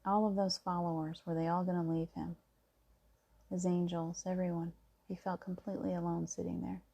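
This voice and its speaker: A middle-aged woman talks to her viewers in a calm, soft-spoken way. Her voice sits a little low and sounds mellow and warm. She tells a personal story with gentle, reassuring emphasis. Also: normal speed, gravelly. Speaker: spiritual vlogger. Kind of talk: casual spiritual monologue.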